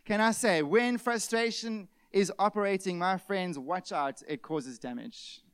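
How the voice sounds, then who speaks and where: A male pastor, preaching an animated sermon in which he acts out everyday scenes with sudden shouted outbursts. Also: high-pitched, measured pace, clear, resonant tone, no echo.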